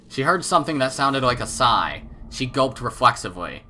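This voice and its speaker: A man reading a visual novel aloud in an expressive, animated way. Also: mid-range voice, moderate pace, hardly any pauses. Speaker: let's play narrator.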